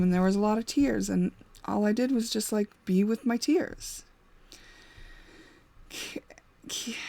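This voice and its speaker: Woman host, gravelly edge, mid pitch; candid, rambling advice, laughs often. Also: no room sound. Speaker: intuitive reading host. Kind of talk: casual spoken advice.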